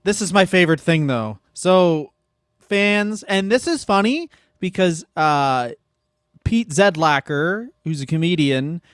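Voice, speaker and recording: A man's voice: high-pitched, expressive, no echo, studio quality. A man co-hosting a comedy podcast, riffing in a jokey, casual way. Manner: riffing, jokey, with quick impressions. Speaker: podcast co-host.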